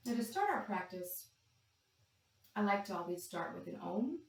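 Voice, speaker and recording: A woman leading a yoga class for young children, talking them gently and playfully through animal poses and animal sounds. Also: mid-range voice, vocal fry. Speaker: kids yoga instructor. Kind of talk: guided kids yoga class. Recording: echoey room, distant from mic.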